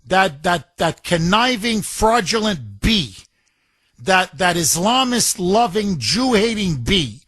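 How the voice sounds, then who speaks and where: A male talk radio host with a notably high voice talks in an excitable, rambling way, stressing words hard as he takes calls. His voice is close and dry, with no room sound around it. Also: takes it slowly, husky, dry recording. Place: radio studio. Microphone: studio microphone.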